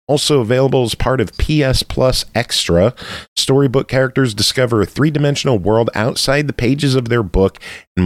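A man with a fairly low voice runs the show, reading out release details and passing topics along briskly. He slips in a joke now and then. The recording is dry and close. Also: no echo. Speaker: podcast host. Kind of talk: hosting, reading game details.

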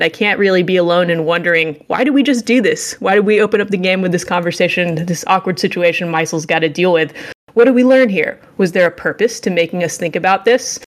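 Young woman on a podcast, lowish voice, snarky, hams up the game dialogue. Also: a little fast. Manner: sarcastic, acts out game dialogue in a mock-heroic voice. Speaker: podcast co-host. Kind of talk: casual game review chat.

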